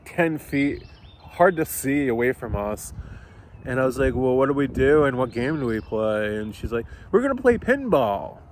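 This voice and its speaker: A man vlogging a casual, rambling story, swearing often and getting heated as he talks. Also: mid-range voice.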